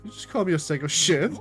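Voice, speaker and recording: Excitable, laughing woman streamer. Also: fairly low pitch. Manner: excitable, laughs often, swears freely. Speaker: VTuber streamer. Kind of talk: game stream, reading dialogue aloud and reacting.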